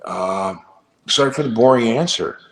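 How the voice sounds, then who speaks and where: A man who is a musician guest, telling a casual anecdote in a relaxed, wry way during an interview. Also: mid-range voice, normal speed, creaky, echoey room.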